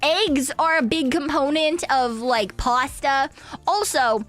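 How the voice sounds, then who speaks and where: Chatty young woman from canada, high voice, giggly story, swears a lot, soft game music under it. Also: slow. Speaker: streamer. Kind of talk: casual chat while gaming.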